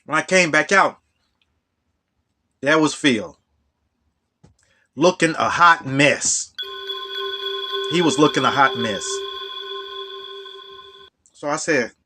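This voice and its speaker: A man telling a true story in a casual way. He repeats words and jumps up high when he gets indignant. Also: expressive, slow, long pauses, pushed and bright.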